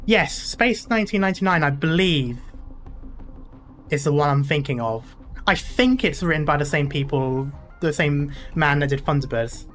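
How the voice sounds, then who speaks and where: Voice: medium pitch, moderate pace, fairly bright tone, faint music behind. A gaming streamer, rambling casually and laughing often while playing through a game. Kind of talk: casual playthrough commentary.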